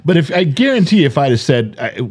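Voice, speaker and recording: An older man chats on his podcast with a lively, swooping delivery. He jokes and slips into playful mock voices as he tells family stories. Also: on the high side, a little fast, noisy background. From California. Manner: joking, animated storyteller with mock impressions. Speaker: podcast co-host. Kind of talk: casual chat.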